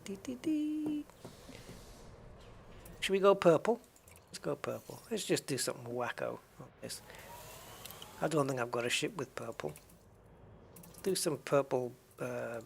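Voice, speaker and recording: A man's voice: mid-range voice, gravelly, slight background noise. A middle-aged man streaming a game, chatting casually with viewers, rambling and chuckling as he goes. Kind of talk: casual live-stream chat while playing.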